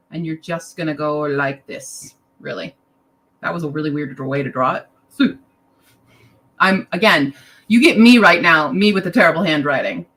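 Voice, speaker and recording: A young woman leads a casual online lesson in a bright voice at an unhurried pace. She sounds tired and chatty, drifting into side remarks and making fun of herself. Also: mid-range voice, low-quality recording. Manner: chatty, self-deprecating, drifts into asides and laughs. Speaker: language teacher.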